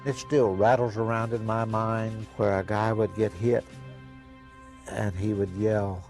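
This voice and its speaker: An older man, a veteran interviewee, slowly recalling and imitating cries for help. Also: fairly low pitch, little pitch movement, darkish tone, faint music behind.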